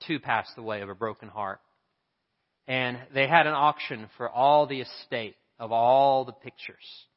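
A man preaching a sermon in a church, telling a story earnestly and then leading a prayer. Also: mid-range voice. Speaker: pastor. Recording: reverberant hall, dull lo-fi sound.

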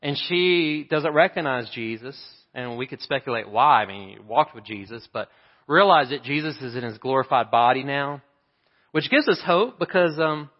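A male pastor delivers an Easter sermon from the pulpit, asking his congregation for amens. He slows down to stress key phrases. His voice rings through a large reverberant hall on a dull, muffled recording. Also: medium pitch. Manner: preachy, calls for amens, slows for emphasis. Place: church sanctuary. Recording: dull reverberant church sound.

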